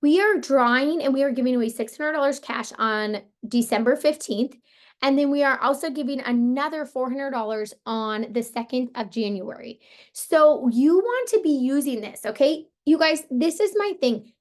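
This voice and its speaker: Woman, hoarse voice, high-pitched, upbeat team coach, chatty. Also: moderate pace. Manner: upbeat, casual, says "like" and "you guys" a lot. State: hoarse, voice partly lost. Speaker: team leader coaching sellers. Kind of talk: motivational team call.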